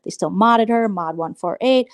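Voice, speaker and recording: A woman's voice: moderate pace, no room sound. A woman hosting a casual late-night livestream, rambling and sarcastic, mocking others by mimicking them. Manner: gossipy, mocking, mimics others in high squeaky voices. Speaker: livestream host.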